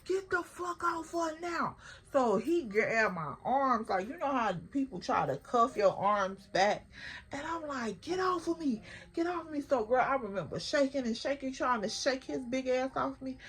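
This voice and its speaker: A young woman telling a story on her vlog, animated and acting out what everyone said. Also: high voice, slightly rough. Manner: animated storytelling, acts out quoted lines. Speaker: vlogger.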